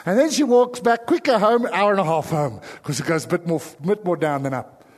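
A South African man preaching a sermon as pastor, dropping to hushed pleading and then rising to sudden loud cries. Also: sits high, animated, brisk, in a large hall.

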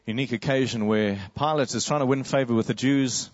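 A man's voice: medium pitch, fairly quick, lo-fi sound. A man preaching a sermon, telling a story vividly and acting out a crowd's cries.

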